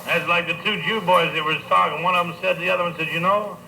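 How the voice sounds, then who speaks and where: Bawdy folksy comedian telling barracks jokes. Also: male voice, on the high side, level tone, racing, gravelly, background noise. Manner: folksy, bawdy storyteller talking to the crowd. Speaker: stand-up comedian. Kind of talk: live stand-up joke telling.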